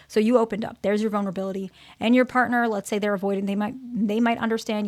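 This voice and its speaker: A woman therapist talks through relationship advice in an easy, conversational way, with a noticeable gravelly fry running through her middle-pitched voice. She keeps checking in with her listeners and corrects herself when a word doesn't sit right. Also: level tone, fast talker. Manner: corrects herself mid-sentence while searching for words. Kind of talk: casual relationship advice talk to viewers.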